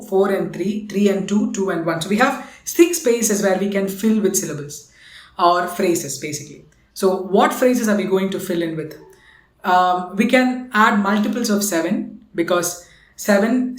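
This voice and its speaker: A woman's voice: mid-range voice, roomy sound. A woman with an Indian English accent, patiently explaining and counting out a rhythm lesson and reciting konnakol syllables. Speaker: music teacher.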